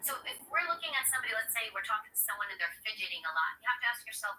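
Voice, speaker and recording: Bright, animated woman on TV. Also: a little high, very fast, roomy sound, recorded from a distance, slight background noise, low-quality recording. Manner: animated, acts out examples. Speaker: body language expert guest on TV. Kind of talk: TV interview, explaining. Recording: TV speaker heard across a room.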